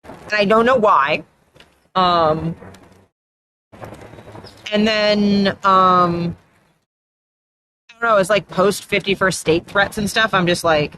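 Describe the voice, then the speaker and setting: A woman's voice: medium pitch, slow, long pauses, bright, forceful tone, slight background noise. A woman with an Atlantic Canadian accent, chatting casually as a streamer while gaming, rambling and often trailing off mid-thought.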